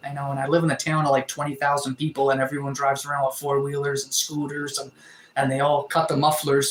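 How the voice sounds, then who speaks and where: A man's voice: medium pitch, a bit bright, a little hiss or hum. A young Canadian man chatting casually on a live stream, rambling with lots of fillers and restarts while reading out comments. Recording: roomy echo.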